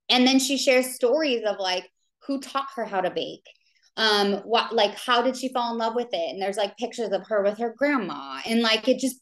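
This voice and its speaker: A woman's voice: on the high side, a bit bright. A woman in her thirties giving a casual live training call, chatty and rambling with lots of fillers. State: tearful. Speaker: business coach.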